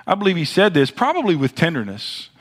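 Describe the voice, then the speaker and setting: A man from the American South with a Southern accent, preaching a sermon as pastor with dramatic pauses and big swings in loudness. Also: fairly high pitch, wildly swooping pitch.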